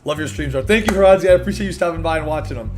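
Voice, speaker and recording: A man streaming a video game, reading and reacting in a loud, slangy, profane and excitable way. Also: fairly high pitch, racing, music in the background. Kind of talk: casual gameplay commentary.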